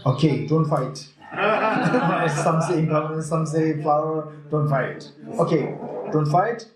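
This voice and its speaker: A man's voice: fairly high pitch, slow, a loud crowd. A man teaching at a retreat, who keeps questioning and teasing his students and repeats key phrases. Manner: repeats phrases, quizzes and teases the audience. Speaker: Buddhist teacher. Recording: echoey room.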